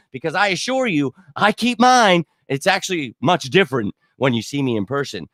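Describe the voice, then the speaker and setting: A man's voice: high voice, very animated, moderate pace, pushed and bright, dry recording. A man in his thirties hosting a fan show, ranting in a brash, heated, profane way and talking straight to his viewers. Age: 30s. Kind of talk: livestream rant.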